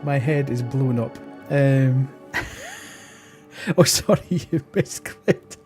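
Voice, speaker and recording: A man's voice: mid-range voice, huge pitch swings, very slow, darkish tone, soft background music. A man, streaming and telling an exasperated story in casual chat while laughing often.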